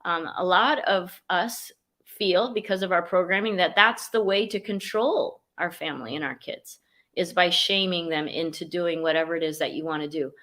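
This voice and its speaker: A life coach appearing as a guest on a casual video call speaks frankly and emphatically, advising people to "run." Her voice is fairly low in pitch and fairly bright, at a moderate pace.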